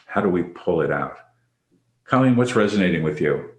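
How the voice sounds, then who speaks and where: A deep-voiced man with lively intonation and a moderate pace hosts a leadership podcast, reflecting on the topic and warmly inviting each guest in by name. As a leadership facilitator, he keeps the conversation reflective and affirming. The room gives his voice a roomy echo.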